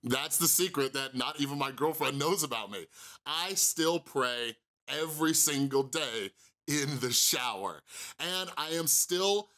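A young man in recovery telling a casual storytime monologue to camera, animated and acting out his own past rants. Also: a little high, measured pace. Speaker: YouTube vlogger on addiction recovery.

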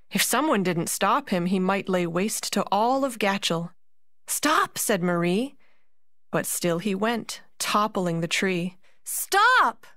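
A woman narrating a fairy tale for a concert, slow and deliberate with dramatic pauses. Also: medium pitch, a bit bright, dry recording, studio quality. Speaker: narrator and puppeteer.

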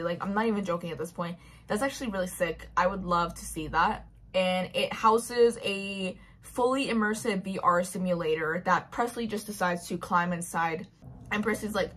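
Young woman, chatty book-recap vlogger, slightly husky tone, middle-height voice, gushing delivery that acts out each character. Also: mid-range voice. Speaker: book reviewer. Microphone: built-in mic.

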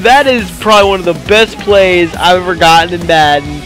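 A young man giving casual, excitable commentary over a football video game, prone to ranting when frustrated. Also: high voice, brisk, faint music behind. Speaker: gaming commentator. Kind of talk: gameplay commentary.

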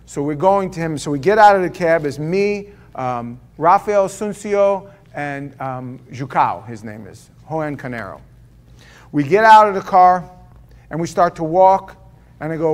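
A man's voice: fairly high pitch, animated, unhurried. A man preaching a sermon as pastor of a church, telling stories in a conversational way and firing off rhetorical questions.

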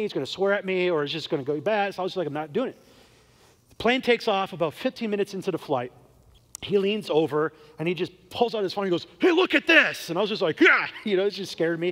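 A man's voice: high voice, long reverb tail. A young adult man preaching a sermon as pastor, telling a story and acting out the dialogue in quoted voices. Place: church sanctuary.

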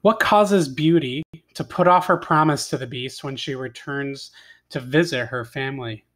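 A male teacher reading a fairy tale aloud expressively and stopping to ask his students questions. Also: medium pitch. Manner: expressive read-aloud, pausing for questions to the class.

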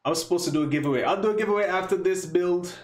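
A man streaming a mobile game live, chatting casually and playfully with slang while running giveaways and drawn-out countdowns. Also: high voice, roomy sound.

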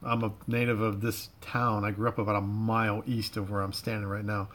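A man's voice: on the low side, moderate pace, a little hiss or hum. A middle-aged man from Florida with a Southern drawl and a touch of Cajun, hosting a rambling, folksy livestream from his garage. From Florida, USA. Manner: rambling, repeats himself, folksy slang. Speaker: livestream host. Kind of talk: casual livestream chat. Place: home garage.

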